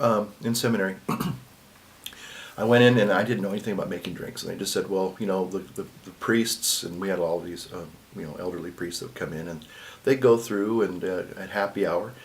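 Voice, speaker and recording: Lower-voiced priest telling a story. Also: male voice, brisk. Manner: conversational, swinging between loud and hushed. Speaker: Catholic priest. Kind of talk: casual storytelling vlog.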